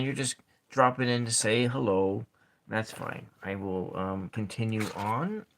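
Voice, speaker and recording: A man hosting a soft-spoken ASMR poetry session, talking in a slow, halting way and counting syllables aloud. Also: medium pitch. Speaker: ASMR channel host.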